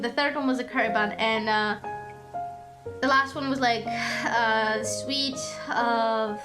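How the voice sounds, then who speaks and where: A young woman streamer chats loosely with her viewers, full of fillers, swearing as she rambles. Her voice sits a little high, and music plays clearly under her desk microphone. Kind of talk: casual chat with stream chat. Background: music in the background.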